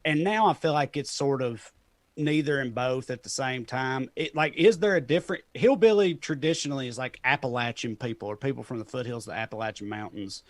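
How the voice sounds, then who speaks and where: A man in his thirties with a Southern Tennessee drawl talks casually in an interview, rambling and self-deprecating, with easy laughs. His voice sits at an ordinary middle pitch. The sound is dry and close, with no room behind it. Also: a little fast, no echo. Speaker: comedian guest.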